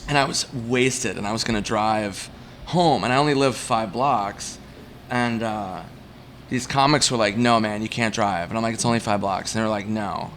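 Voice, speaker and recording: A man's voice: lowish voice, fairly bright tone, slight background noise. A man, a comedian guest, casually telling rambling, self-mocking stories at a bar and briefly acting out the people in them. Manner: rambling, self-mocking anecdotes with quick acted-out quotes.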